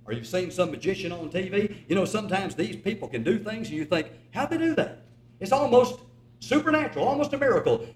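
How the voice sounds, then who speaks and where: An older man preaching a sermon, earnest and urging, telling a story to his congregation. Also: a little high. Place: church auditorium. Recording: echoey church hall.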